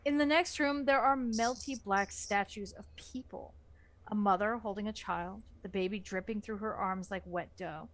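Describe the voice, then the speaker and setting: A woman's voice: mid-range voice, normal speed. A woman reading a horror novel aloud for a book club, narrating expressively. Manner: expressive narration with lively swings.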